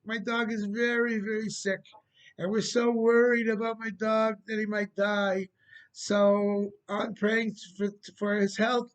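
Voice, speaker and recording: A man voicing a worried Jewish taxi driver who tells, haltingly, why he has been praying. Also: sits high, flat delivery, smooth, voice pushed up. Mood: anxious. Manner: pleading, halting.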